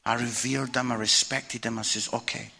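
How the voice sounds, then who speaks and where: A middle-aged man preaching a humorous storytelling sermon, an animated teller with punchy asides. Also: mid-range voice, moderate pace, breathy edge. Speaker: evangelist preacher.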